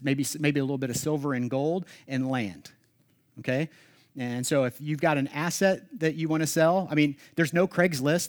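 A male pastor delivers his sermon in a conversational, joking manner. His slightly high voice dips to near-whispers on tender points and rises loud on emphatic ones. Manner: swings between soft hushed passages and loud emphatic ones; conversational, humorous asides.

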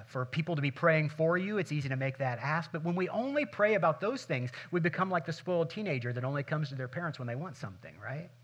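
A man's voice: a little high, a bit bright, muffled recording. A middle-aged male pastor preaching a sermon in a conversational, humorous way, acting out little scenes.

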